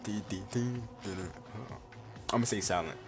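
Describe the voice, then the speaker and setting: A young man giving casual, excitable gameplay commentary. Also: fairly low pitch, fairly quick, soft background music. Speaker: gaming streamer.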